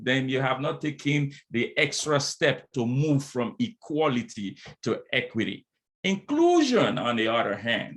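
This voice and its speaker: Heard over a video call, a middle-aged diversity consultant who also speaks French gives a motivational conference talk, using call-and-response and repeated phrases. His voice is mid-range and a bit bright.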